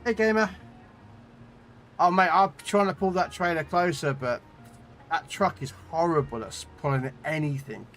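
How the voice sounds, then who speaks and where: A man's voice: on the high side, moderate pace, long pauses, fairly bright tone, faint music behind. A man streaming a video game, chatting casually with his viewers and swearing at the game as he plays. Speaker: gaming streamer. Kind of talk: live game stream commentary. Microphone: desk condenser mic.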